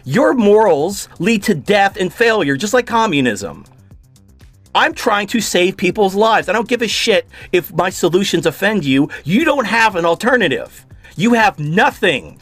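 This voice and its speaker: A man's voice: high-pitched, very animated, moderate pace, a bit bright, no room sound, soft background music. A man hosting a video, delivering an angry, profane rant of commentary in furious bursts. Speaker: video host reacting to a clip.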